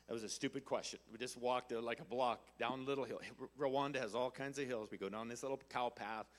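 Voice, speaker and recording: A man in his sixties from Canada preaching a sermon in a folksy storytelling manner, building to loud exhortations. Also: mid-range voice. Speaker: guest preacher and missionary.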